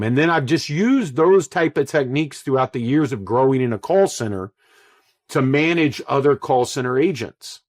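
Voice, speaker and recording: A man in his forties, relaxed and conversational, telling his career story as a podcast guest and acting out quoted lines. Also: mid-range voice, dry recording. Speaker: podcast guest, call center executive. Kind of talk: casual storytelling interview.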